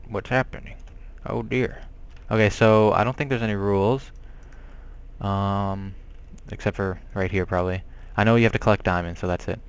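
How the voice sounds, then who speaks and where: Male gaming commentator, casual and excitable, smooth resonant tone over a low pitch. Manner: excitable, yelps and exclaims at game events. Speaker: gameplay commentator. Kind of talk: casual let's-play commentary.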